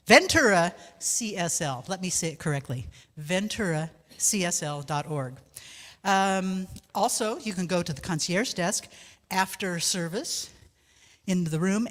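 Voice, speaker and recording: A woman's voice: medium pitch, long reverb tail. A woman giving church announcements as volunteer coordinator, chatty and joking, often correcting herself.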